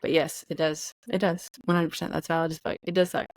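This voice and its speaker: A woman's voice: low voice, little pitch movement, quick pace, no room sound. A woman co-hosting a podcast in casual chat, candid and profane, acting out feelings in quoted voices. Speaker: podcast co-host.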